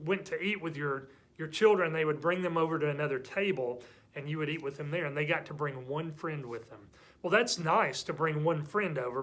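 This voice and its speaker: Middle-aged male church teacher, lively storyteller for kids, a touch high-pitched, drops from loud to hushed. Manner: animated storytelling, big swings between loud and hushed. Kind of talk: children's story lesson.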